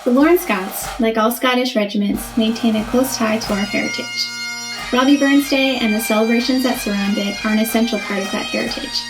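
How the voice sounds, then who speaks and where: Lady reading a proud regimental history script, higher voice, bagpipes playing clear behind. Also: low-quality recording. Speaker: narrator for the pipe band. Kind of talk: scripted narration. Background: bagpipe music.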